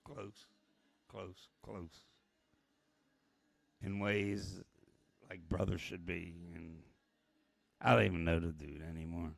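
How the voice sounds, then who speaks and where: A man's voice: deep voice, steady tone, a little slow, gravelly, dry recording. A man hosting a late-night livestream, talking candidly and rambling with swearing, tired and emotional. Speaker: channel host.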